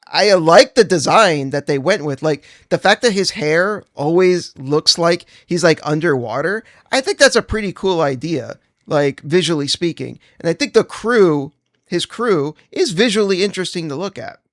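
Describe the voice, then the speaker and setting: Higher-voiced man, dry close podcast sound. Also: a bit bright, no echo. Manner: enthusiastic, easygoing, laughs often. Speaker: podcast co-host. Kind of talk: casual podcast discussion.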